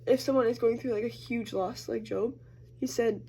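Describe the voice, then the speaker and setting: A woman's voice: on the high side, steady tone, normal speed, warm tone, a little hiss or hum. A young woman vlogging casually as she gets ready, chatty, saying "like" a lot. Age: young adult. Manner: chatty, uses "like" constantly, acts out quoted voices. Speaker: college student vlogger. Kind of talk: casual get-ready-with-me chat.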